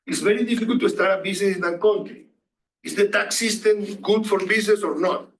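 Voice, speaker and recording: A man lecturing a class, asking the students questions and repeating key phrases. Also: high-pitched. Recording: echoey distant room recording.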